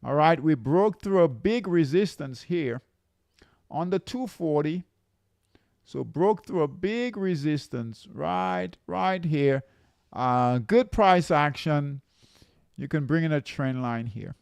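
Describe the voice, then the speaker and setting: Slow gravelly man coaching traders. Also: a little high, animated, darkish tone, dry recording, clean studio sound. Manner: repetitive, checks in with "okay?" and "right?". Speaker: trading coach. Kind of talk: live chart walkthrough.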